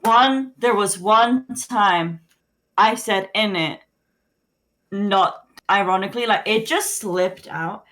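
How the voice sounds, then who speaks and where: A woman telling a story in casual chat on a live stream, halting and restarting. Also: medium pitch, a bit bright. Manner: chatty storyteller, hesitant restarts.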